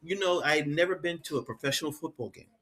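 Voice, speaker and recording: A man, a guest on a podcast, telling backstage stories in an animated, laughing way and acting out what people said. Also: a little high, fast. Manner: lively, laughing, acts out quotes. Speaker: guest, former head of wrestling security.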